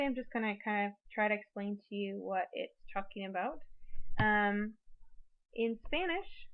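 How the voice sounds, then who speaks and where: Chatty woman teaching a lesson, lo-fi. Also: medium pitch. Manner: chatty, explains with many examples. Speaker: Spanish teacher. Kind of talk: recorded lecture for students. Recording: dull lo-fi recording.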